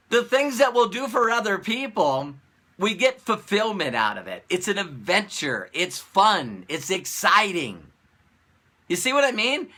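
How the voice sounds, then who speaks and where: A man giving a casual motivational talk to camera as a business coach, animated and repeating phrases and rhetorical questions. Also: high-pitched, unhurried.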